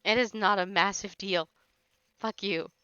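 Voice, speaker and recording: A woman's voice: medium pitch, steady tone, unhurried, bright, forceful tone, clear, resonant tone, no room sound, highs cut off. A woman hosting a casual livestream, chatting with viewers and teasing them playfully, laughing often. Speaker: livestream host.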